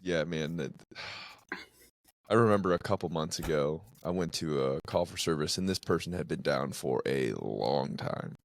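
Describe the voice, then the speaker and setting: A man with a very deep voice hosts a podcast and talks casually about police work. His speech is relaxed and unhurried, and it sounds dry and close to the mic with almost no room echo. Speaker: podcast host, police officer. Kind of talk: casual interview chat.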